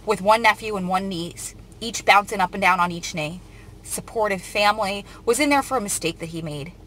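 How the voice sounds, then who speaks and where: Emotional bright-voiced woman vlogger. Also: mid-range voice, brisk, a little hiss or hum, low-quality recording. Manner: earnest, emotional, often close to tears. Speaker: vlogger reading and reacting to news. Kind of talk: emotional commentary on a news article.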